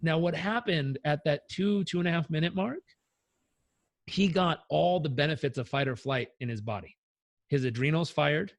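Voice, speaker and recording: A man, a life coach, telling stories in a casual interview, energetic and blunt, swearing freely. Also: fairly high pitch, normal speed, dry recording.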